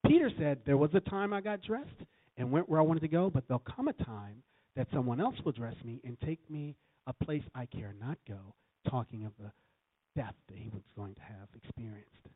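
A man's voice: medium pitch, expressive, moderate pace, no echo. A man preaching a sermon, quoting scripture and telling a story, with emphatic swells on key lines. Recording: tinny phone-like recording.

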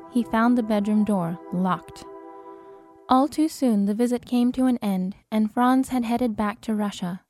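A woman narrating an audiobook in a measured, expressive way. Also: on the high side. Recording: narration over film score.

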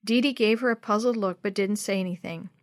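A woman's voice: mid-range voice, brisk, no room sound. Give me a woman narrating a children's story aloud, with a dry close sound. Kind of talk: reading a children's chapter book aloud.

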